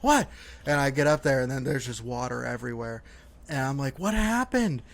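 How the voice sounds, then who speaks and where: Young male podcast co-host, laid-back, dry humor, relaxed storytelling. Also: mid-range voice, fast talker, gravelly. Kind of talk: casual chat.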